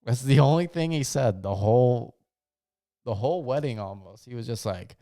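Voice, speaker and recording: A young man hosting his own show in a loose, rambling rant. His voice is smooth and clear at a middle pitch. He talks in slang, trails off and restarts his sentences often. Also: animated, normal speed, dark tone. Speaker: podcast host. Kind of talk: casual comedic rant.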